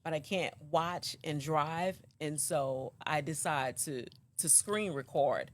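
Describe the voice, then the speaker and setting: A woman, the mother of a young man, recounting in an interview what happened, with many pauses and restarts. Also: deep voice. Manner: halting, many ums and restarts. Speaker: mother of the accused.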